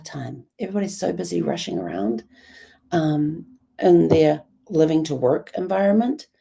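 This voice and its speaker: A middle-aged woman with a New Zealand accent, hoarse and raspy from a bad cough, talking in a rambling, reflective way with many ums. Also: lowish voice, moderate pace, mellow. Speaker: journalling vlogger. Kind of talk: casual reflective monologue.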